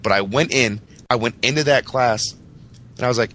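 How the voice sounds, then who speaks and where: A man's voice: medium pitch, fast, a bit bright, slight background noise. A man from Massachusetts, a podcast host, telling a boastful, profane story in casual chat.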